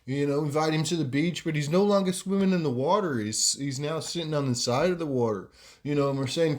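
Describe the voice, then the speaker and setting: A man's voice: on the high side, brisk, darkish tone. A man casually telling a story on a podcast, rambling with lots of ums and asides. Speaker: podcast host.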